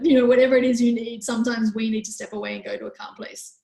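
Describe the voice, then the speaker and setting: Woman, workshop host, gentle, calm, explaining, fairly high voice, roomy echo. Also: fast talker, vocal fry. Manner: gentle, calm, explanatory, with frequent "you know". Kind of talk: live online workshop Q&A.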